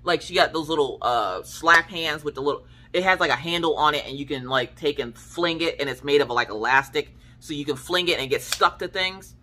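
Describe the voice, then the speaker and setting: Her low-pitched voice moves fairly quickly with few pauses as this woman in her thirties, host of a craft channel, tells family stories. The chat is casual and slangy, animated, with her voicing what her relatives said.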